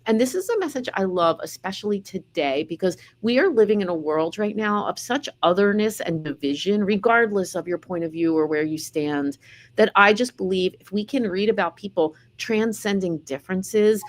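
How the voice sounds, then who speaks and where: A woman's voice: medium pitch, animated, moderate pace. A middle-aged woman, an author being interviewed, speaking in an earnest, reflective way. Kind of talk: casual conversational interview.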